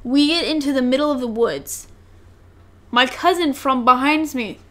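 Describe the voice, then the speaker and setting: A young woman co-hosting a podcast, telling a story in a casual, animated way, laughing and swearing freely. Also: high voice, normal speed. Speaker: podcast co-host.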